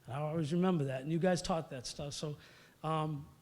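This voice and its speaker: A man's voice: a little high, a little fast, a little mellow, long reverb tail. A middle-aged man gives an acceptance speech. He tells stories conversationally, with fillers, and acts out the quotes. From Massachusetts. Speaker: hall of fame inductee.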